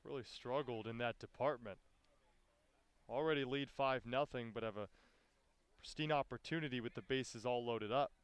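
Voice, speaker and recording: A man calling live baseball play-by-play, with his voice climbing sharply in pitch and volume on big plays. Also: moderate pace, long pauses, clear, resonant tone, no echo. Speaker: play-by-play announcer.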